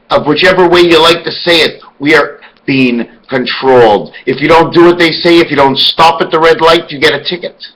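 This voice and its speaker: A man's voice: a little high, fairly bright tone, low-quality recording. A man delivering an emphatic, rambling monologue full of rhetorical questions. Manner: spells words out letter by letter. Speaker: video blogger.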